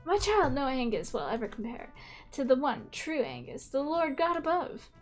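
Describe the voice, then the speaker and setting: A woman's voice: high-pitched, big pitch swings, normal speed, faint music behind. A woman voicing a preachy older churchgoing woman in a game, speaking in a grandiose, sermonizing way.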